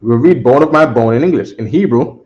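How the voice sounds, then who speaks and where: A man's voice: mid-range voice, animated, fairly quick. A man teaching a language class, patient and teasing, repeating phrases often. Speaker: Hebrew teacher. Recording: roomy dull classroom audio.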